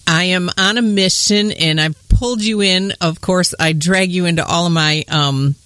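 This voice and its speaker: A woman with a Southern US accent hosting a faith podcast in casual chat, bubbly and quick to laugh. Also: lowish voice, no room sound. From northern US. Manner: bubbly, laughs often, whoops with excitement. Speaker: podcast host.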